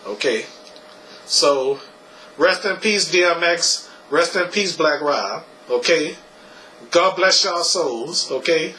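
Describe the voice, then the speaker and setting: Stammering young man, bright voice. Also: a little high, takes it slowly, poor audio. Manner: stammering, repeats words, tags lines with "you know" and "okay". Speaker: vlogger. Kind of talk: casual tribute vlog.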